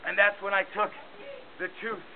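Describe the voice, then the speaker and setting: A man telling a mock-heroic tall tale for a contest, in a deadpan, boastful way. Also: sits high, normal speed, crowd noise. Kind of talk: mock-heroic storytelling performance. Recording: tinny lo-fi camcorder audio with hiss.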